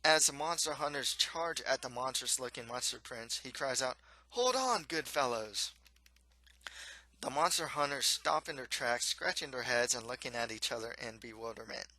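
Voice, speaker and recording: A man reading his own children's-style novel aloud, in steady, plain storybook narration with occasional slips. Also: medium pitch, fairly quick, hardly any pauses, poor audio.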